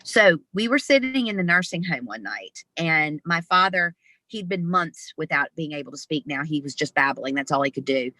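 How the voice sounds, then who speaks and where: A woman being interviewed over a video call, telling a personal story in a lively, expressive way. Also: low-pitched, moderate pace, dry recording. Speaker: interview guest. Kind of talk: storytelling in conversation.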